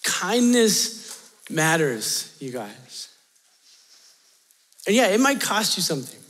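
Youth pastor, man, high voice, lively storytelling sermon, long hall reverb. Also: takes it slowly, slightly rough. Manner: animated, chatty, laughs often, talks straight to the audience.

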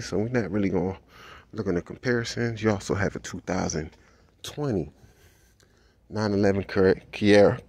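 A man with kids vlogging casually as he walks a car showroom floor, excited and slangy, tagging "man" onto nearly every line. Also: sits low. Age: adult with kids. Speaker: vlogger touring a car dealership. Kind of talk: casual walkaround vlog.

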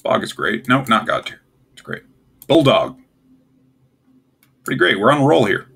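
Gravelly, bright-toned young man ranking words. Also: mid-range voice, sing-song, normal speed. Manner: offhand, puzzled, wry asides. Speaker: tier list video host. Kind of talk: casual solo commentary.

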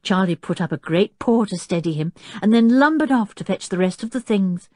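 A woman narrating a children's audiobook, telling the story clearly and expressively while doing the characters' voices. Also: mid-range voice, expressive, brisk, warm tone, no echo, studio quality.

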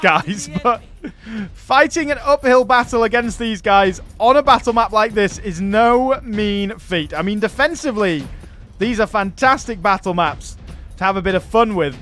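High-voiced excitable man playing a strategy game. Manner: chatty, excitable, swears freely and rants at the enemy. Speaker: gaming channel host.

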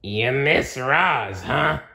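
A man reading a storybook aloud, voicing a strict, menacing female office-manager monster with a slow, pointed delivery. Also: mid-range voice, lively intonation, vocal fry, sharp tone, pitched above the performer's own voice, heavily acted. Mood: stern.

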